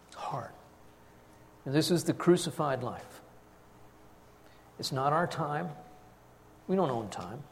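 An older man, a grandfather, preaching a sermon and telling a family story with lively, acted-out quotes. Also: on the high side, takes it slowly, long pauses, in a large hall, slight background noise. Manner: storytelling, animated, acts out quotes. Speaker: pastor.

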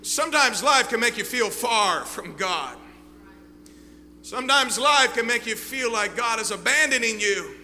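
A male pastor preaching a sermon with fervent swings between loud and hushed delivery. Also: very high voice, animated, measured pace. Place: church sanctuary. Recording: reverberant hall with faint hum.

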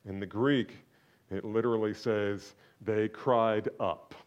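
A man preaching a sermon, swinging from loud, exclaiming questions to hushed, almost whispered lines. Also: fairly low pitch, fairly even intonation, takes it slowly, lo-fi sound. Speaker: pastor.

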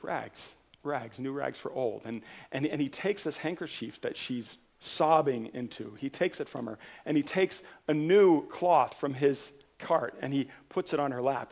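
A man preaching from the pulpit, his voice carrying a rough, gravelly texture. He tells a parable with earnest intensity, swelling and then pulling back quietly. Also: mid-range voice. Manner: earnest, retelling a parable with rising and falling intensity. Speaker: pastor. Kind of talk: sermon storytelling.

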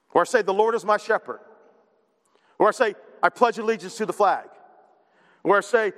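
Animated high-voiced male preacher in a hall. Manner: animated, conversational, repeats words when starting a thought. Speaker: pastor. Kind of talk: sermon. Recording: long reverb of a large hall.

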